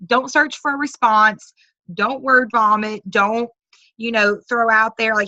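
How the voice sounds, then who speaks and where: A woman leads a coaching session over a video call, talking in an upbeat, chatty way and acting out sample messages. Her voice is bright and sits a little high. The sound is dry and close. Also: a little slow, dry recording, muffled recording. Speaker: team leader. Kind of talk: coaching talk on a video conference.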